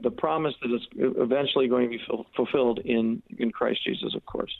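Man, gravelly, thoughtful Bible talk, dry tinny phone sound. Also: mid-range voice, fairly quick, dry recording. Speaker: Bible study podcast co-host. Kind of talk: conversational Bible teaching.

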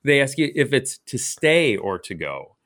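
A man from St. Louis, co-hosting a casual Bible podcast, chatty and quick to laugh, with many restarts. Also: medium pitch, big pitch swings, a bit bright. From St. Louis, Missouri. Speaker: podcast co-host.

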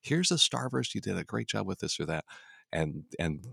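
A young adult male pastor in casual Bible study talk, animated, often acting out quoted voices with a laugh, recorded on a studio mic. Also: low voice, normal speed, gravelly, slightly rough, no echo. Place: radio studio.

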